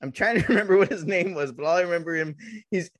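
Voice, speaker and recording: A man co-hosting a podcast in casual chat, laid-back and joking, with halting fillers. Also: high-pitched, no room sound, clean studio sound. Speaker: podcast co-host.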